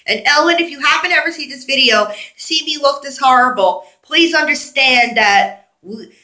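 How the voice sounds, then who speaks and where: A woman vlogger who rambles candidly from one thing to the next, a little wheezy. Her voice sits fairly high and moves a lot. It sounds bright. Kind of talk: rambling vlog monologue.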